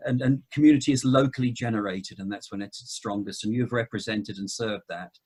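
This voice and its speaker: A man, a cathedral dean, hosting a casual interview, speaking haltingly and repeating words as he goes. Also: lowish voice, darkish tone, breathy edge. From not from Cornwall.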